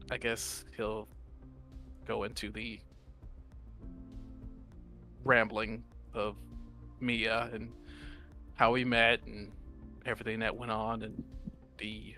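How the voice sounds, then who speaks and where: A man playing his character in a tabletop game, speaking hesitantly with pauses and fillers. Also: medium pitch, sharp tone. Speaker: player.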